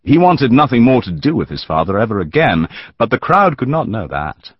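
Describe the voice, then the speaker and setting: A man narrating a historical novel audiobook in a measured, dramatic storytelling manner. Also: mid-range voice, big pitch swings, husky, no room sound, muffled recording.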